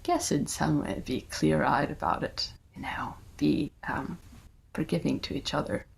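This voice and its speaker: A woman giving a gentle, soft-spoken Zen dharma talk, often sinking to a near whisper. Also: sits low, measured pace, vocal fry. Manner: gentle and reflective, with fillers. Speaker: guest dharma talk host.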